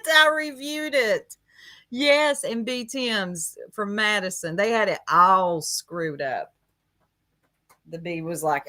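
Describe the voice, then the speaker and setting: A woman's voice: medium pitch, slow pace, bright, forceful tone. A woman hosting a casual livestream, gossiping with chat and greeting viewers by name, laughing often. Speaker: livestream host.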